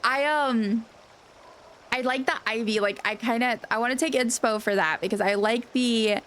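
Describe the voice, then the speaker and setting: A woman game streamer chatting casually on a live stream, gushing and excitable, rambling with lots of restarts. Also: on the high side, moderate pace, a little hiss or hum.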